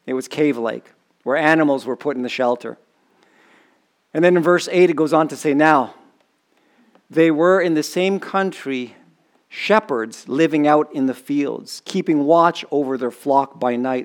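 A man's voice: on the high side, a little slow. A man preaching a sermon in a conversational way, often asking the congregation questions. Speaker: pastor.

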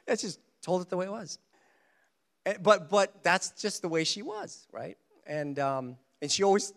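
A man preaching a sermon, asking his listeners questions and slowing down hard on the words he wants to stress. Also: fairly high pitch, long reverb tail. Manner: animated preaching, rhetorical questions, slows for emphasis. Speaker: pastor.

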